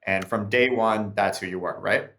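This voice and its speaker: A man's voice: on the low side, moderate pace, bright, forceful tone. A man in his thirties hosting a podcast interview, chatting casually, joking and laughing often. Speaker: podcast host.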